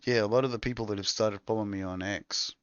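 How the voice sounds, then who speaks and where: Co-host: man, very low voice, rambling and crude, dry lo-fi sound. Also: steady tone, fast, clear, resonant tone, no echo. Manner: rambling, crude, laid-back. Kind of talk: casual chat.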